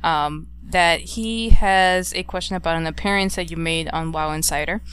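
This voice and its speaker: A woman with a smooth, clear voice hosts a casual podcast. Her voice sits a little low, and she talks in a relaxed way while reading out listener mail. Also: normal speed. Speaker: podcast host.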